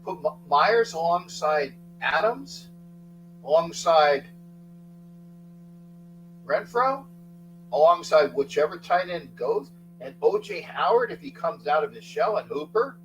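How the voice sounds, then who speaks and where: A middle-aged man hosting a casual sports talk livestream, rambling, thanking chatters by name and breaking into sudden loud outbursts. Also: on the high side, lively intonation, takes it slowly, long pauses, slight background noise, poor audio. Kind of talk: casual live chat with viewers.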